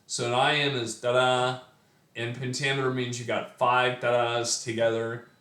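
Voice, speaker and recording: A man's voice: medium pitch, level tone, measured pace, bright, forceful tone, roomy sound. A man giving an informal lesson on a poem, thinking aloud with many fillers and restarts. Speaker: poetry teacher. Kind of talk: informal poetry lecture.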